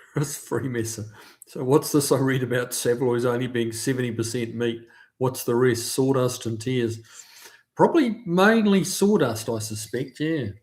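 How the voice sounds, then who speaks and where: A man's voice: medium pitch, a little slow. Chatty New man hosting a livestream. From New Zealand. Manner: chatty, friendly, lots of fillers. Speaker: livestream host. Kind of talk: casual live chat reading viewer comments.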